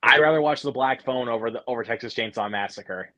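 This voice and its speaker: A man's voice: mid-range voice, fast talker, pushed and bright, dry recording. A young man hosting a casual live Q&A, talking in a laid-back way, saying "bro" a lot and telling stories animatedly. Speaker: livestream host. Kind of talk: casual chat.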